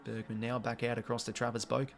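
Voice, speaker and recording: Excitable Australian man calling footy live. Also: mid-range voice, fast talker, gravelly. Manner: excitable, swears casually, self-mocking. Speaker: watch-along host. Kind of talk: casual live match commentary.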